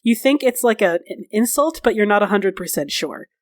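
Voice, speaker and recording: Woman game master, casual narration, mid-pitched, dry close mic. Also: animated, moderate pace, dry recording. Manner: casual, narrates with fillers, breaks into laughter.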